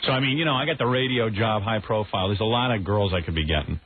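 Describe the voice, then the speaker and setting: A middle-aged man hosts a radio show with a brash, boastful manner, acting out quotes as he tells a raunchy story. His voice sits low. The sound is thin and phone-like, with a faint hiss underneath. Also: fast.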